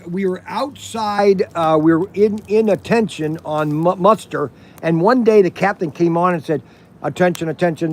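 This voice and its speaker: Older man telling rambling stories. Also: sits high. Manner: rambling, acts out quoted voices. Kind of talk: casual storytelling. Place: outdoor campfire at an RV park.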